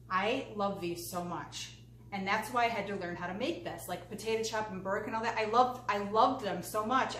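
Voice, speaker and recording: A woman hosting a casual cooking demonstration, chatty and enthusiastic as she talks straight to her viewers from a home kitchen. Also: mid-range voice. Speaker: cooking channel host. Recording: echoey room with faint background noise.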